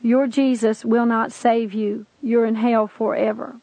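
Taunting male demon jailer, read by a woman, higher pitch, dry. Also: flat delivery, a little slow, creaky, mellow, no room sound.

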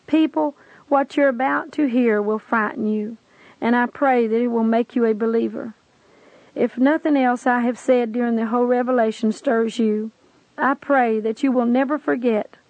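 Gravelly-voiced woman giving an impassioned testimony. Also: a little high, darkish tone, no echo. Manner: earnest, impassioned. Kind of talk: recorded spiritual testimony. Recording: dry lo-fi tape recording.

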